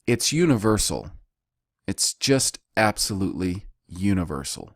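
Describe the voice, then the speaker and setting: A man teaching a Bible study in a deliberate way. He repeats key words and pauses between phrases. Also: deep voice, sing-song, husky, dry recording, studio quality.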